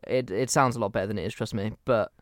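A young man talks quickly and eagerly in a relaxed podcast chat, swearing now and then. His pitch is average. The recording is dry and close. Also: dry recording. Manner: chatty, swears casually. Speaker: podcast co-host. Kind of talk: casual chat.

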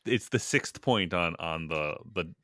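A man hosting a podcast interview, asking halting questions full of restarts and giving frequent affirmations. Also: low-pitched, expressive, a bit bright, no room sound. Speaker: podcast host. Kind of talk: casual interview.

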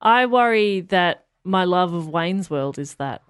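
A woman's voice: fairly low pitch, lively intonation, clear, resonant tone, no room sound, studio quality. Playful woman co-hosting a podcast. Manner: playful, quick jokes, laughs often. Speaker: podcast co-host. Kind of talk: casual chat.

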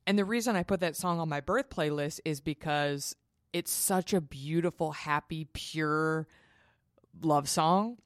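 A woman's voice: sits low, unhurried, no echo, clean studio sound. A young woman hosting a podcast, telling a personal story in a chatty, emotional way and acting out the dialogue. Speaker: podcast host. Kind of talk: casual storytelling.

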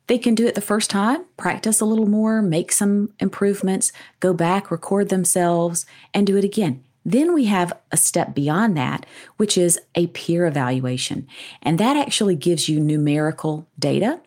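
A woman's voice: lowish voice, lively intonation, moderate pace, darkish tone. A woman author and communication coach answering interview questions in an upbeat, explanatory way, often adding tag questions.

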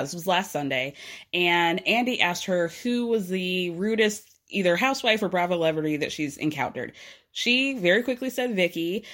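A woman dishing gossip in a casual, chatty way, mid-pitched and lively. She tells her stories with plenty of laughter and swears freely. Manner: animated, laughing, profane storytelling. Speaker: reality TV commentator.

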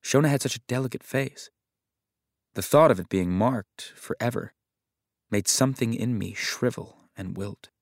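A man narrating a literary short story in a measured, reflective way. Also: medium pitch, creaky, dry recording, clean studio sound.

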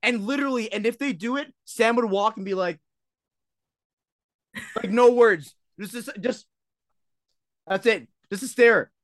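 A man in casual podcast chat, emphatic and excitable, laughing often. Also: high-pitched, a little slow, long pauses, no echo, studio quality. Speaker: podcast co-host.

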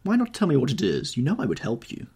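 A man voicing a witty, cynical aristocratic gentleman who drawls amused epigrams, in an audiobook reading. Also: medium pitch, wildly swooping pitch, quick pace, vocal fry, breathy edge, pitched above the performer's own voice, full character voice.

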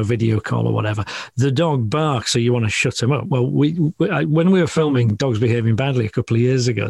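A man's voice: medium pitch, gravelly, a little mellow, no echo, clean studio sound. A man, a dog trainer chatting in an interview, explaining things casually and laughing often.

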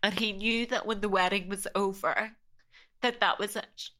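Bright-voiced woman telling a story. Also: medium pitch, steady tone, normal speed. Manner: chatty, quoting herself and family with "I was like". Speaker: podcast guest. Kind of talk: personal storytelling in conversation.

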